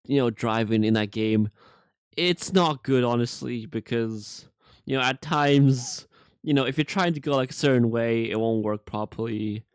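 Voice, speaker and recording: Man, sore throat, halting and filler-heavy, smooth clear voice, dry close sound. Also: mid-range voice, no room sound. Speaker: reaction channel host. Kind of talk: casual reaction chat.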